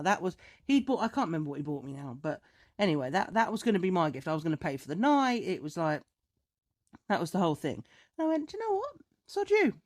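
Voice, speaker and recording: A woman on a podcast, casually chatting and telling a story with lively, animated delivery. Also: lowish voice. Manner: animated storyteller, acts out dialogue in raised voice. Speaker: podcast co-host.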